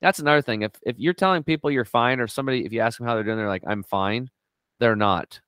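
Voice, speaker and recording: A middle-aged man talks with restless energy, swinging up high whenever he acts out what someone said. His voice is smooth and resonant, captured dry and close with no room sound. He sounds like an eager guest telling his story in an interview. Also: very fast, no echo. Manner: animated storyteller, acts out quotes with big pitch jumps. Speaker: guest on a health talk show.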